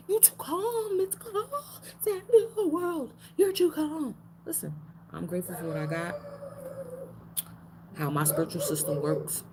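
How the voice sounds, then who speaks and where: A woman with a low voice gives a spiritual card reading in a loose, slangy way, repeating lines as she goes and jumping up in pitch for emphasis. Steady background noise runs beneath her voice. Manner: slangy, repeats phrases, animated pitch jumps. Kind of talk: casual card-reading livestream.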